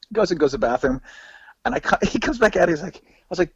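A man telling road stories as a podcast guest, animated, laughing and swearing freely. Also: on the high side, quick pace, slightly rough, no room sound. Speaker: podcast guest, former band hypeman. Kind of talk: casual storytelling interview. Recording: dull lo-fi dry recording.

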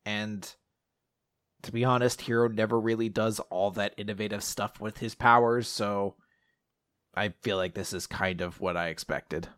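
A man's voice: on the low side, fairly even intonation, normal speed, a bit bright, smooth, dry recording. A man casually recapping a manga with a co-host, sarcastic and often laughing, sometimes acting out lines. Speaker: podcast co-host.

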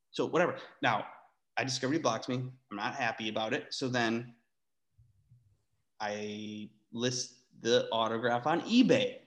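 A man co-hosting a casual sports podcast, ranting in an animated, exasperated way, with sarcastic asides and free swearing. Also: mid-range voice. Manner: swears freely. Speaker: podcast co-host.

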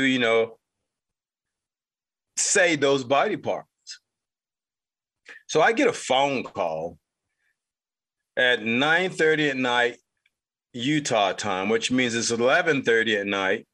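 A man's voice: medium pitch, pushed and bright. A man in his fifties, originally from North Carolina, hosting a podcast and telling a rambling, repetitive personal anecdote. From North Carolina, United States. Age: 50s. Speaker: podcast host. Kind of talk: casual storytelling monologue.

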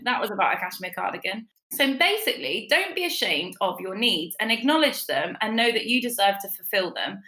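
Animated woman, echoey room. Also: brisk, hardly any pauses. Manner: animated, acts out quotes with big pitch jumps. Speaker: podcast guest giving a relationship tip. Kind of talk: casual storytelling chat.

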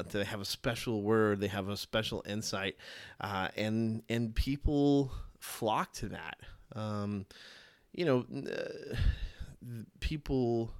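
A man's voice: clean tone, dry recording. A man hosting a solo podcast, thinking aloud about leadership with many fillers and restarts. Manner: acts out quoted voices with sudden high pitch jumps. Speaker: podcast host.

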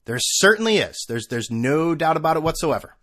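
A man hosting his own podcast at home on a desk microphone, ranting casually with profanity and sarcasm, swinging between low mutters and loud outbursts. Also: very animated, brisk. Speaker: podcast host. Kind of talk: casual solo podcast rant. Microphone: desk microphone with camera.

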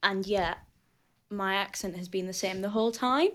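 Young woman, thick Hull accent, chatty, animated storyteller, casual podcast guest. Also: mid-range voice, normal speed. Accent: Northern English (Hull). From Hull, England, raised in southern Spain. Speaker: guest athlete. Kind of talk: casual chat.

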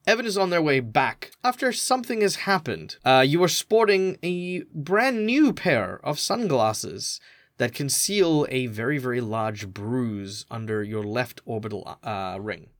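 A man's voice: medium pitch, lively intonation, unhurried, no echo, studio quality. An Australian man narrating a tabletop game as game master, casual and rambling. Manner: rambling, informal, hesitant.

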